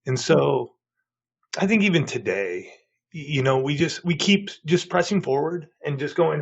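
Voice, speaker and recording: A man's voice: a little high, animated, moderate pace, vocal fry, husky. Earnest man coach, muffled audio. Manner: earnest, emphatic. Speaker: guest, marriage coach. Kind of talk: podcast interview.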